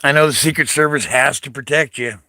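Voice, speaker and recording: A man's voice: medium pitch, fairly quick, pushed and bright, dry recording, clean studio sound. An older man from the United States, a Navy veteran, delivering an angry, profane political rant, confrontational and taunting.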